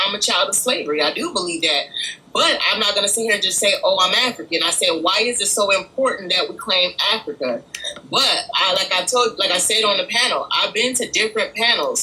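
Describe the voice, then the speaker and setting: A woman in a casual chat, explaining her view in a measured way. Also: mid-range voice, sharp tone, low-quality recording.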